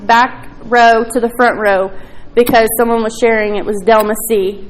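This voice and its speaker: A woman's voice: on the high side, steady tone, normal speed, slight background noise, rough recording. A woman telling her recovery story at a meeting, candid and profane, with plenty of fillers. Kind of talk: personal testimony at a recovery meeting.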